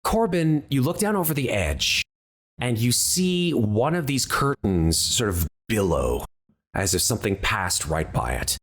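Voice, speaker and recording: A male dungeon master narrating a tabletop game. His pitch moves lively up and down as he describes each scene and calls for checks. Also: unhurried.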